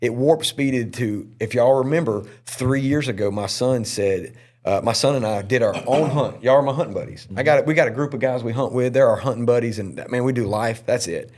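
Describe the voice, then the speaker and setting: A man who is a pastor and podcast host, telling a personal story in an earnest, emotional way. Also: a little fast. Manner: earnest and emotional, with lively pitch swings.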